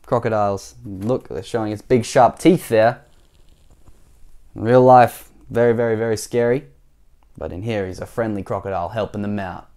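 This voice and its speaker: A man's voice: fairly low pitch, steady tone, moderate pace, mellow. A man from Australia, reading a children's storybook aloud and adding playful chatty asides to listeners. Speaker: storybook reader.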